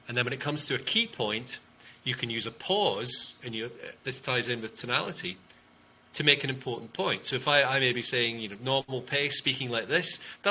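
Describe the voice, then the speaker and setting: A man, a communication coach, explaining ideas in an interview and demonstrating tone with loud and soft delivery and long pauses. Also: medium pitch, slight background noise, rough recording. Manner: demonstrative, shifts loudness and uses long pauses to show tonality.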